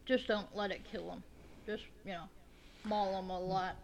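A woman's voice: mid-range voice, fairly even intonation, moderate pace, vocal fry, a little mellow, slight background noise. A woman chatting casually on a podcast, teasing the others with dry humor. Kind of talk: casual chat.

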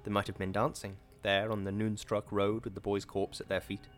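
Male narrator, lower-pitched, steady dramatic delivery over soft music. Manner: measured, dramatic reading. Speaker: audiobook narrator. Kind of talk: scripted narration.

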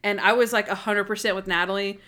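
A woman co-hosting a podcast in casual chat, retelling scenes in an animated way and laughing often. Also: mid-range voice, fast, slight background noise. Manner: animated storyteller, acts out quotes with laughter. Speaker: podcast co-host. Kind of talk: casual chat about a TV episode.

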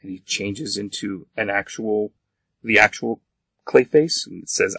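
Gravelly man recapping a comic. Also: on the low side, a little slow, fairly bright tone, no echo. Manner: reads comic dialogue aloud with small voice shifts. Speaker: podcast co-host. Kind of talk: casual comic book recap.

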